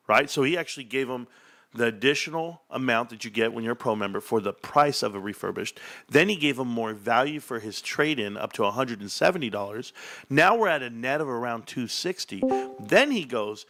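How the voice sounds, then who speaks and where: A man hosting an investing chat, telling a store story with lively acted-out dialogue. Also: mid-range voice, fairly quick. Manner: animated storyteller acting out shop dialogue. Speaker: stock channel host.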